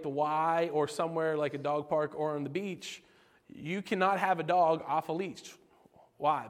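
A man delivers a casual, joking sermon, throwing questions at his listeners. His voice sits a little high for a man. A long reverb trails his words around the hall. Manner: animated, jokey, asks the audience questions. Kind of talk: informal sermon.

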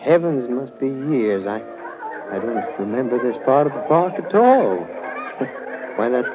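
An actor playing a prim, timid schoolteacher in an old radio play, who talks hesitantly and stammers when flustered. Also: male voice, medium pitch, big pitch swings, measured pace, phone-quality sound, noisy background. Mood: fussy. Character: fussy, timid middle-aged male schoolteacher. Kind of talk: 1940s radio acting.

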